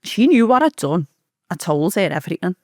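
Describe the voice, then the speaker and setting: A woman's voice: lowish voice, very animated, brisk, darkish tone, no room sound. Scouse woman, podcast guest, swears a lot, vivid storyteller, close dry sound. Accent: Liverpool. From Liverpool, England. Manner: vivid, swears freely, blunt. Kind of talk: storytelling in an interview.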